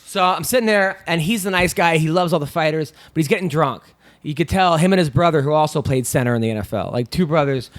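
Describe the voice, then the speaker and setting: A man's voice: on the high side, quick pace. A man in his thirties telling long, profane stories on a podcast, rambling and restarting often. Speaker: podcast co-host. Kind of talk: casual storytelling chat.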